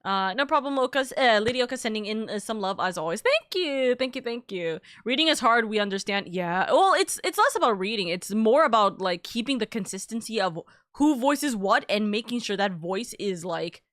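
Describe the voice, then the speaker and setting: A woman's voice: on the high side, expressive, moderate pace, few pauses, fairly bright tone, no room sound, clean studio sound. A young adult woman hosting a live stream, chatting casually in a rambling way, with lots of filler and cursing. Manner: rambling, swears freely, many "like"s. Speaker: streamer host.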